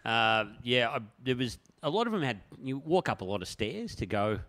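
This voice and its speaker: A man's voice: mid-range voice, big pitch swings, fairly quick, fairly bright tone. Rambling man telling a story. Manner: rambling, laughs often, trails off. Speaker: podcast guest. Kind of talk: casual comedic storytelling.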